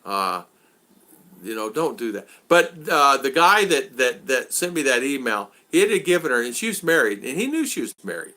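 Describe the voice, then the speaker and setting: Animated, bright-voiced older man chatting. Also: medium pitch, moderate pace. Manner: animated, acts out exasperated quotes. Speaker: vlog host. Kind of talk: casual chat.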